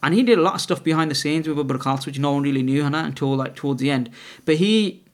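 A man's voice: fairly high pitch, very fast. A middle-aged man, a podcast guest telling long rambling stories in casual talk, with many restarts and tag questions. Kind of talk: casual conversational storytelling.

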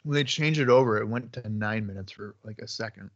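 A man's voice: on the low side, fairly quick. A man co-hosting a casual wrestling watch-along podcast, bantering and teasing his co-host. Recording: slightly dull lo-fi audio.

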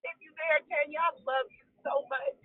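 A woman's voice: high voice, sing-song, moderate pace, no echo. A woman calling in to a prayer call, giving a fervent, tearful testimony and repeating her thanks. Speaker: caller sharing in a prayer call. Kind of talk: emotional testimony. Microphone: phone. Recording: tinny phone line.

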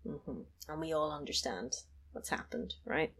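A woman in casual chat, retelling a film's plot with animated storytelling and quick character impressions. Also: mid-range voice. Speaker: podcast co-host recapping a film.

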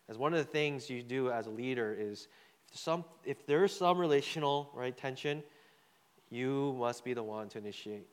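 Here a man's medium-pitched voice sounds fairly bright, clear, and resonant as he preaches a sermon with a personal story. He keeps it loose and conversational, repeating words and asking "right?" of the crowd. The hall adds a long reverb.

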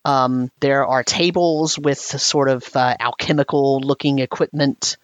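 A woman's voice: very deep voice, fairly even intonation, measured pace, no echo. A woman narrating a tabletop role-playing game as game master, describing scenes at length and laughing often.

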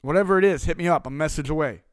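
A man's voice: fairly high pitch, racing, dry recording. A man giving a casual motivational talk as a business coach, blunt and profane, hammering points home through repetition.

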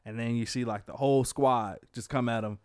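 A man casually retelling a comic book plot, quoting the characters in his own voice with lively bursts. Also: medium pitch, a little fast, clear, resonant tone, no echo, clean studio sound. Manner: animated storyteller, quotes characters in his own voice.

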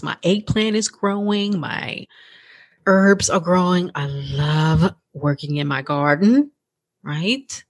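Husky, animated woman coaching casually. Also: on the low side. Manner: warm and chatty, with frequent laughs and rhetorical questions. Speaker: podcast host and life coach. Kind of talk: casual motivational podcast talk.

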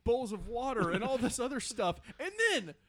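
A man chatting casually about a film, ranting in exasperation and doing quick playful impressions. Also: extremely high pitch, a bit bright, no echo. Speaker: podcast co-host. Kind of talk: casual movie review chat.

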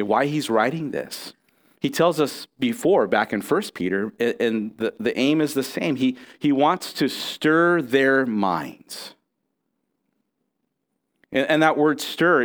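A middle-aged man preaching a sermon as pastor, earnest and conversational, with restarts and asides to the congregation. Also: medium pitch.

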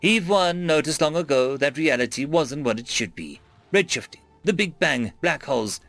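A man voicing a cold, taunting female android that speaks in a stilted, synthetic way, slow and mocking. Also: fairly high pitch, expressive, fairly bright tone, no echo, faint music behind.

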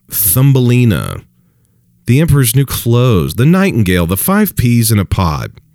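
A man's voice: fairly low pitch, no room sound, clean studio sound. A man preaching dating advice in a casual talk, emphatic and repetitive, chuckling between points.

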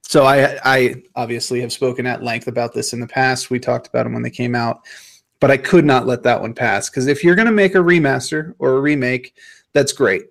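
A man with a gravelly, creaky voice co-hosts a casual gaming podcast. He talks emphatically, picking apart bad remasters with firm conviction, and his voice is worn and starting to go. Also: medium pitch, fairly even intonation, brisk, a bit bright. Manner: ranting, emphatic about game prices. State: losing his voice. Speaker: podcast co-host.

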